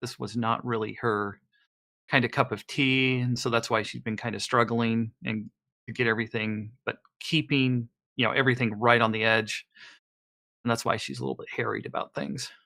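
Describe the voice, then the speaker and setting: A man playing a tabletop game, describing what his character thinks and does. His voice is bright and forward, at an average pitch. He talks haltingly, with lots of fillers and restarts. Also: flat delivery, creaky. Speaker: player.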